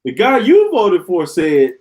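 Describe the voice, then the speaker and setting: A man's voice: high-pitched, wildly swooping pitch, a little slow, a little mellow, rough recording. A man hosting a live stream, ranting in an exasperated, sarcastic way and often repeating himself. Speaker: podcast host.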